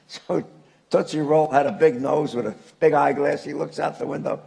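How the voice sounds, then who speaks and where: Gravelly older man. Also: a little high, normal speed. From Newark, New Jersey. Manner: animated anecdotal storyteller, chuckling punchlines. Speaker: author and guest speaker. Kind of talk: storytelling to a live audience.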